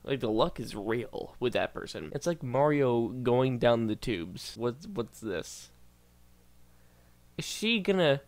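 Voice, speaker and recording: A man's voice: mid-range voice, measured pace, hardly any pauses, darkish tone. A man doing casual reaction commentary as a YouTuber, reading posts aloud, stumbling over words and bursting out in disbelief.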